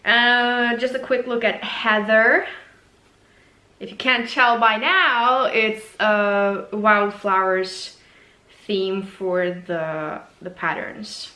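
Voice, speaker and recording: Gushing woman, bright voice. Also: medium pitch, steady tone, extremely slow. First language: Norwegian. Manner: gushing, enthusiastic, self-deprecating. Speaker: knitwear designer and podcast host. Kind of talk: casual video podcast chat. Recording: echoey room.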